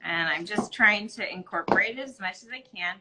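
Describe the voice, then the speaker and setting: A woman's voice: medium pitch, a little fast, heavy background noise. A tired woman in her thirties, chatting casually on a live stream while she shows how she kneads bread dough. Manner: chatty, explains steps while working with her hands. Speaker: co-host showing bread baking.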